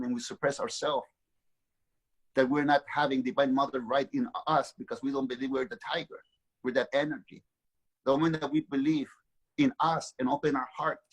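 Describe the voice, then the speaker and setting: A man's voice: fairly high pitch, breathy edge, poor audio. A man, an author and guest, telling a spiritual story earnestly and repeating words as he builds his thoughts.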